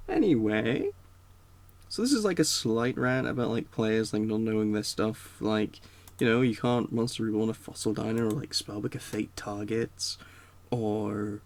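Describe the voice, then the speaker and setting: A man's voice: medium pitch, darkish tone. A man giving a casual, rambling spoken rant, full of fillers and restarts. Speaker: video creator.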